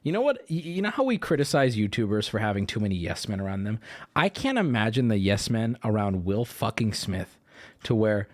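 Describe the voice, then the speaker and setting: A man's voice: fairly low pitch, big pitch swings, fairly quick. A man hosting a livestream, reacting to a video with profane, exasperated casual commentary; his throat is swollen.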